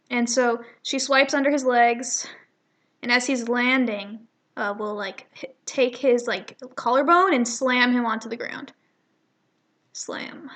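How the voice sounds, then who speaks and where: A woman's voice: a little high, slow pace, fairly bright tone. A young woman casually reading a comic aloud, chatty and often stumbling and correcting herself. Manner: chatty, stumbling over words, self-correcting. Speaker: reader of a fan comic. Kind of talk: casual comic read-along with voices.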